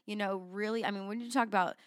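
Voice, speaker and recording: A woman's voice: medium pitch, fairly even intonation, fast, dry recording, clean studio sound. A woman co-hosting a faith podcast in casual chat, talking earnestly in long rambling runs with many fillers and restarts. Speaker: podcast co-host.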